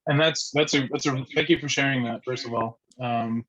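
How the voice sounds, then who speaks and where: A man's voice: mid-range voice, fairly even intonation, normal speed, fairly bright tone, dull audio. A man facilitating an online group discussion, speaking hesitantly with many ums and restarts.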